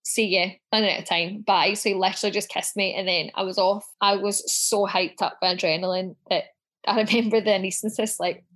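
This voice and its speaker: A woman's voice: mid-range voice, steady tone, a little fast, fairly bright tone. A woman telling a personal story frankly, with swearing, and acting out what others said. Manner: frank, sweary, acts out quoted dialogue.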